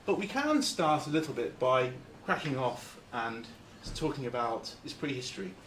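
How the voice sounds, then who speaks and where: A man from Lancashire giving an informal talk to a club, halting and full of fillers and restarts. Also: medium pitch, lively intonation, fairly bright tone, a little hiss or hum. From Lancashire, England. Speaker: guest speaker.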